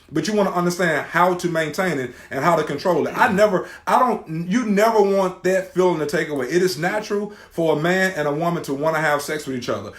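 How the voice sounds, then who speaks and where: Brief: middle-aged male co-host, loud and restless, raised voice, roomy sound. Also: high voice. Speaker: co-host of a faith talk show. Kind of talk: loud, preachy casual talk. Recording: roomy echo.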